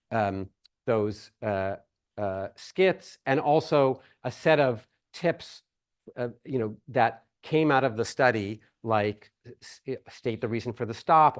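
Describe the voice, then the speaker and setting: Man giving a relaxed academic talk. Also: medium pitch. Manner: relaxed, many fillers and restarts. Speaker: plenary speaker. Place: lecture hall.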